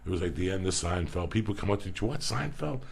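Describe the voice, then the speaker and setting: A middle-aged man, a comedian guest, telling profane stories on a podcast in an animated way, swearing constantly and acting out the voices of other people. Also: low-pitched, very fast, slight background noise. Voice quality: gravelly.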